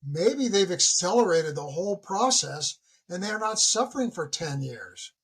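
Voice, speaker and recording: A husky-voiced man around 60, a retired military leader, appears as a podcast guest in a casual interview conversation. He speaks unhurriedly and tells stories with animation, acting out dialogue with big leaps in pitch.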